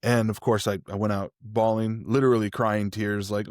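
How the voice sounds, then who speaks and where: A man's voice: on the low side, flat delivery, normal speed, darkish tone, no room sound, studio quality. A man hosting a podcast, telling a personal story in a candid, rambling way with frequent restarts. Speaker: podcast host. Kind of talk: casual storytelling.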